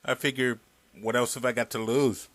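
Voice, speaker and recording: A man's voice: medium pitch, level tone, moderate pace, fairly bright tone. A man in his forties telling comic family stories in a dry, wry way, timing his punchlines. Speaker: storyteller. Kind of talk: comedic storytelling monologue.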